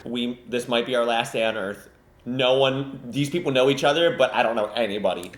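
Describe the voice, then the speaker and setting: A man at a middling pitch rambles cheerfully through a casual chat with a castmate. He laughs easily. His voice rings with a noticeably roomy echo. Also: a little fast. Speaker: cast member interviewing a castmate.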